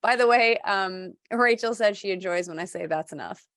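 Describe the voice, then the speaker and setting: A woman hosting a podcast in casual chat, relaxed and chatty as she runs through shout-outs. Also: mid-range voice, normal speed, no room sound, studio quality. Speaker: podcast host.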